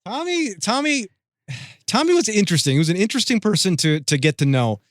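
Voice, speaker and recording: A middle-aged man, a former sports radio host, tells stories as a guest in a casual interview. His voice sits a bit high and he restarts his phrases often. The sound is dry and close. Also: rapid-fire, no room sound. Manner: animated, with many restarts and self-corrections.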